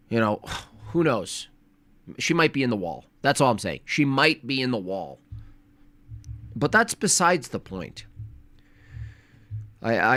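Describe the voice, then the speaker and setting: A man's voice: lowish voice, no room sound. A male host giving casual, joking livestream commentary in a sarcastic tone.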